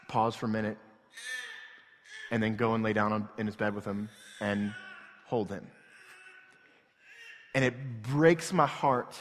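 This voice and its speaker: Male pastor, mid-pitched, earnest and emotional delivery, hushed to loud, long hall reverb. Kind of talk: sermon.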